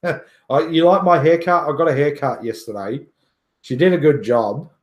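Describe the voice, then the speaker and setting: A man's voice: a little high, moderate pace, echoey room, highs cut off. A man hosting a casual livestream who jokes, boasts, swears casually and laughs often. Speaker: livestream host.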